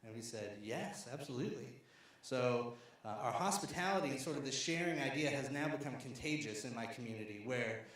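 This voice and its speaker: A man's voice: mid-range voice, brisk, hardly any pauses, a bit bright. A man from Arkansas giving a conversational storytelling talk at a lecture series, with fillers and restarts. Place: large lecture hall. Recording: very echoey hall.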